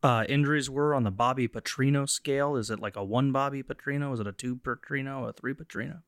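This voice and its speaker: A man's voice: medium pitch, fast, a bit bright, no echo. Man, wry sports podcast co-host, dry close-miked sound. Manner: wry, joking. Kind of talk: casual sports podcast chat.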